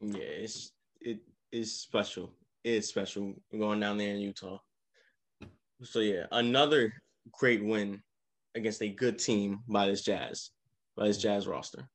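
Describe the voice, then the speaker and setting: A man's voice: fairly low pitch, a little slow. Man recapping basketball games on a podcast. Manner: animated, leads the game recaps. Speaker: podcast co-host. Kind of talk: casual sports chat.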